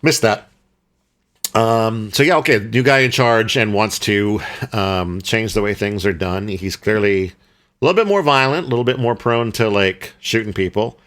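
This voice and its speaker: A man with a low, bright, forceful voice talks through a film recap in loose casual chat. He rambles with plenty of fillers and restarts, speaking as a podcast co-host. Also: moderate pace.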